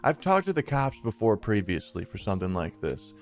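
A young man in his twenties narrates a personal story in a loose, rambling way, tossing in plenty of filler words. His voice sits a bit low, and soft music plays faintly underneath. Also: very animated, a little fast. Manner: chatty, rambling, peppered with "like" and "dude". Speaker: channel host. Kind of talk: casual storytelling over gameplay.

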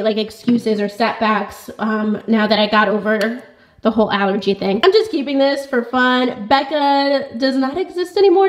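A woman in her thirties, a beauty vlogger, chatting casually and sentimentally, rambling with lots of fillers. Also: on the high side. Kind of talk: casual chat. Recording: echoey room.

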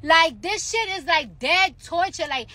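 A high, bright voice from a woman. She rants profanely into her phone from a car, repeating herself for emphasis. Her tone is sharp and forceful. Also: animated, unhurried, no echo. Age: late 20s. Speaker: celebrity livestreamer. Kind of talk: ranting social media live stream.

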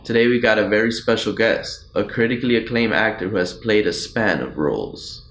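Host for a comedy talk show: lowish-voiced man, formal patter, echoey studio with faint ambience. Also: fairly bright tone. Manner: brisk, formal showman patter. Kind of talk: comic talk show hosting. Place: studio with live audience.

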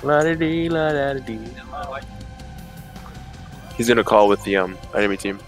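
A young man chatting casually with his team during a match, playful and thinking out loud as he laughs along. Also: on the low side, little pitch movement, racing. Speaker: college esports player. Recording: game music behind the voice.

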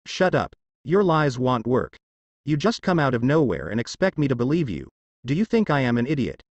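A man's voice: mid-range voice, big pitch swings, moderate pace, no echo, lo-fi sound. A man voicing a suspicious, hot-tempered young male demigod warrior in a story narration. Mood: angry. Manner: suspicious, defiant.

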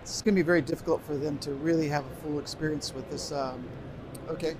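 A man's voice: on the high side, fairly even intonation, quick pace. A middle-aged man presenting a live workshop on a convention stage through a stage microphone, chatting casually and giving directions to the sound crew. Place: convention stage before an audience. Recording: noisy live room. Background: room noise.

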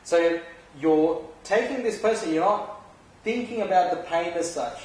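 A man's voice: a little high, a little slow, darkish tone. A man giving a physiotherapy lecture in a casual, conversational way, asking the audience rhetorical questions. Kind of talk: recorded university lecture. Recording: echoey lecture hall, mic at a distance.

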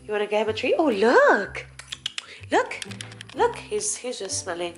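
A woman's voice: on the high side, wildly swooping pitch, measured pace, faint music behind, low-quality recording. A woman filming a casual home vlog on a handheld camera, chatting to viewers and coaxing her dogs. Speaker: vlogger. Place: home, indoors and out in the yard.

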